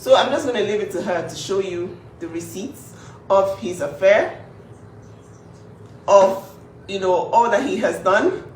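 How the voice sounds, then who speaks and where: A woman's voice: mid-range voice, a little slow, long pauses, darkish tone, roomy sound, far from the mic, slight background noise, poor audio. A young woman talking earnestly and emphatically as a big sister, defending her family in a casual social media video. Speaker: older sister speaking out.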